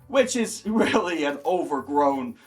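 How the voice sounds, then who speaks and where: A man's voice: fairly high pitch, lively intonation, unhurried, soft background music. Guy doing a sappy rambling clown, kinda emotional, improv comedy bit. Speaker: clown employee.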